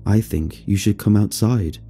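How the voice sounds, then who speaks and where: A man voicing another man who talks in a flat, robotic monotone in a spoken horror story. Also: deep voice, normal speed, faint music behind. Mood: timid, uneasy.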